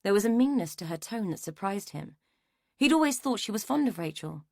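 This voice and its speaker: A woman reading a mystery novel aloud in a measured, even way. Her voice sits at a middle pitch for a woman, and the recording is dry and close with no room sound. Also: creaky, no echo. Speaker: audiobook narrator. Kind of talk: scripted narration.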